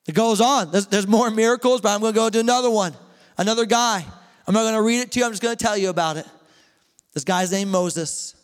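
A young adult man preaching a sermon as pastor, telling the story in a casual, animated way with slang. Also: high-pitched, fairly quick. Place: church. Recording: long reverb of a church hall.

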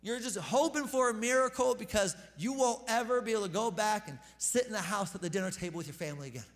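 A man preaching a casual, conversational sermon as pastor, joking with the congregation and repeating words when he gets excited. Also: sits high, quick pace, faint music behind. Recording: long hall reverb.

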